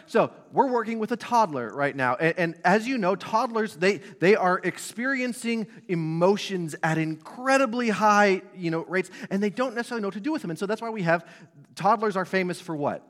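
Guy in his 30s preaching, chatty, keeps asking the room stuff, voice kinda high and goes all over, big church reverb. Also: expressive, a little fast, a bit bright. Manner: conversational, asks the congregation questions. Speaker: pastor. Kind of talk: sermon. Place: church sanctuary. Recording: long reverb of a hall.

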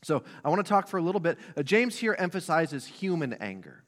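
A man's voice: on the high side, sing-song, a little fast, fairly bright tone. A man in his thirties preaching a sermon to a church congregation, conversational and asking the room questions. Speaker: pastor. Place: church sanctuary. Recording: long reverb of a hall.

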